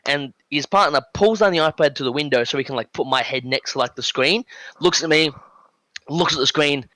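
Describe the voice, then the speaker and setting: A young adult guest on a casual podcast, this Australian man talks a little fast in a voice on the high side, captured in a dry recording. His storytelling is animated, with acted-out dialogue and frequent fillers.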